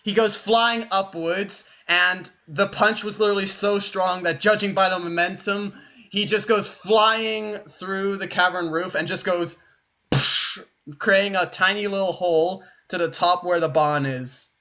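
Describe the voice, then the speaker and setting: A young man narrating as game master, lively and quick, with plenty of "uh" and "like". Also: sits high. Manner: animated, fast, filler-heavy.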